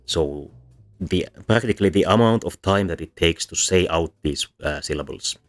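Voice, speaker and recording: A man explaining grammar as a teacher in a lecture, drawing as he talks and pausing often with ums and self-corrections. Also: sits low. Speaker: language teacher.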